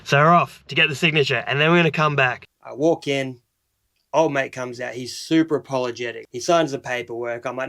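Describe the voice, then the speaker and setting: Animated Australian man telling a story. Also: medium pitch, a little fast, vocal fry. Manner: animated, retells dialogue in quotes. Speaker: vlogger. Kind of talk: casual storytelling vlog.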